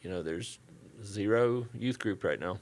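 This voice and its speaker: A middle-aged Southern man with a fairly low voice tells stories in a podcast interview. He is easygoing and folksy, and he acts out the voices of the people in his stories. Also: unhurried. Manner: relaxed, folksy anecdotes with quoted dialogue. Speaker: church staff guest. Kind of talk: casual storytelling interview.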